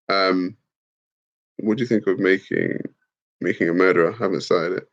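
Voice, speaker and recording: Speaking at normal speed, a young male streamer has a low, slightly rough voice. He chats casually and reads viewer comments, laid-back and slangy, with some swearing and laughter at the comments, all in dull lo-fi stream audio.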